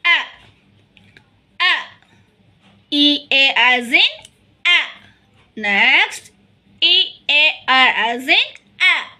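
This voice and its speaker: A woman's voice: high-pitched, pushed and bright. A woman with an Indian English accent teaching a phonics lesson to children, saying each word twice and calling them "my dear children".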